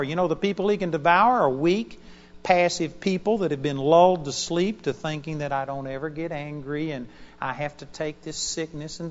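A man preaching a sermon, telling a personal story in an animated way and chuckling now and then. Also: fairly high pitch. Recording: dull lo-fi sound with hall reverb.

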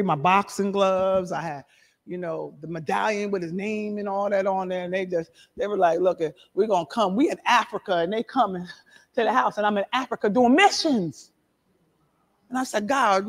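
A middle-aged woman pastor preaching a sermon and giving her testimony, animated, shouting and laughing between lines. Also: mid-range voice. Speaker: apostle and pastor. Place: church sanctuary. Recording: reverberant hall.

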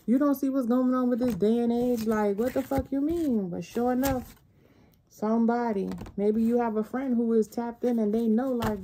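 A woman's voice: a little high, normal speed, mellow, a little hiss or hum. A woman giving a casual spiritual tarot reading, talking bluntly and profanely in a loose, rambling way. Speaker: tarot reader.

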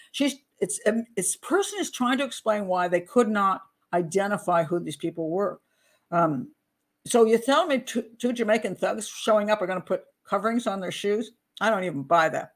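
Woman host talking through a case casually, chatty and self-deprecating, with a mid-range voice. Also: mid-range voice. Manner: chatty, self-interrupting, laughs at herself. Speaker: true-crime commentator. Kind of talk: casual commentary to camera.

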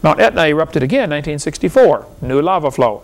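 A man's voice: fairly high pitch, animated, a little fast, gravelly. A man giving a seminar lecture to a live audience in a folksy, argumentative way, firing off rhetorical questions and chuckling often.

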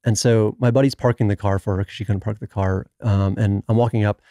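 A man's voice: on the low side, brisk, no echo, clean studio sound. A man, a podcast guest telling a long story in casual conversation and acting out the quoted dialogue. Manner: animated storyteller who acts out quoted dialogue.

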